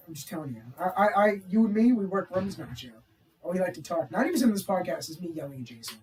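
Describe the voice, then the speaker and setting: A man co-hosting a casual podcast chat, joking loudly, swearing and acting out other people's voices. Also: high-pitched, animated, quick pace, distant mic, slight background noise. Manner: loud, jokey, acts out voices, swears. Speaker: podcast co-host. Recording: roomy sound from off-mic.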